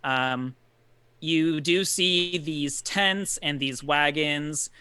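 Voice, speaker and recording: Brief: male game master, bright tone, dry close recording, loose rambling narration. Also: on the high side, extremely slow, clear, resonant tone, no room sound. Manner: rambling, lots of filler words.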